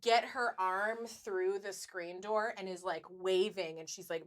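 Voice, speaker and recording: A woman with a bright, tense voice hosts a casual true-crime chat. She tells the story in an animated, chatty way, swearing freely and laughing often as she goes. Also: medium pitch, normal speed, hardly any pauses. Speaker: podcast host.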